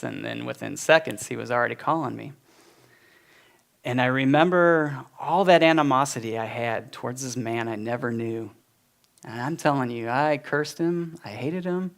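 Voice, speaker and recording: Speaking with vocal fry at a medium pitch, a man in his forties tells his personal story at a church gathering. It comes across as sincere and conversational, dotted with many fillers.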